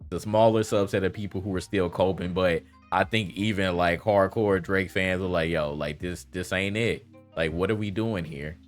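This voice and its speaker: A man with a fairly low voice holds forth in a loose, slang-filled commentary rant. He laughs often and circles back over his points with casual fillers. Faint music sits quietly behind him. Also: fairly even intonation, normal speed. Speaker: commentary vlogger.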